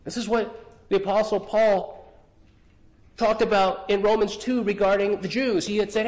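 A man's voice: high-pitched, fairly even intonation, moderate pace, darkish tone. A man preaching a sermon, earnest, often restarting his words as he speaks. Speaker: pastor.

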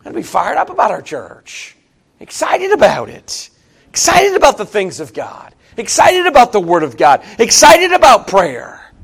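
A middle-aged man preaching a sermon as pastor. He swings from hushed asides to shouted, emphatic refrains. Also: high voice, huge pitch swings, unhurried, vocal fry, slightly rough.

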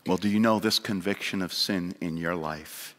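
A man preaching a sermon in earnest, moving between raised emphasis and hushed appeals. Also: sits low, normal speed. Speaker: pastor. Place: church sanctuary. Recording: long church hall reverb.

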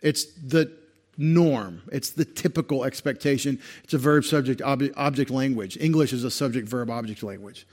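The man's mid-range voice is a little mellow and moves at normal speed. He's a pastor preaching an expository sermon, patiently explaining Greek grammar and gesturing to a screen like a teacher.

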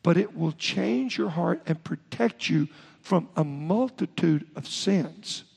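A man's voice: a little high, expressive, slow, vocal fry, a little mellow, breathy edge. A man preaching a sermon as pastor, speaking in short emphatic phrases and often restarting mid-sentence. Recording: long hall reverb.

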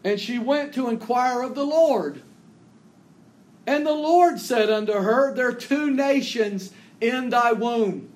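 A man preaching a sermon in an earnest way, reading scripture aloud with rising emphasis and letting his phrases fall low and soft at the ends. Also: slow. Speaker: pastor.

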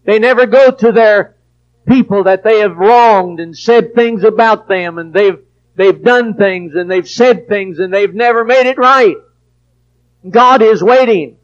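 High-pitched preacher guy, slow and deliberate, goes quiet then loud, kinda muffled recording. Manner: preachy, swings from quiet to shouted emphasis. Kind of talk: sermon. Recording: dull lo-fi recording.

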